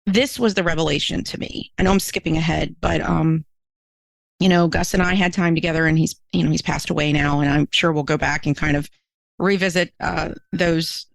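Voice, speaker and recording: A woman guest on an interview podcast recounts a personal story with earnest feeling, her voice lifting high when she is moved. Her tone carries a gravelly fry. The sound is close and dry with no room around it. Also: fairly even intonation, a little fast, no room sound, poor audio. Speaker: minister and writer, podcast guest.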